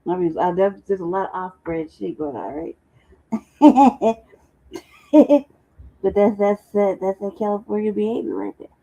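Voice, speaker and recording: Gravelly laughing woman host. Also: mid-range voice, unhurried, pauses often, warm tone. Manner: laughs often, loose slang-heavy talk. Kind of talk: casual commentary chat. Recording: dull lo-fi sound.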